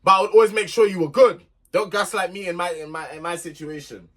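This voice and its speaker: A man's voice: sits high, steady tone, fast, a bit bright. A young man telling a relationship story to camera in an emphatic, irritated rant, repeating himself to make his point. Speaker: vlogger.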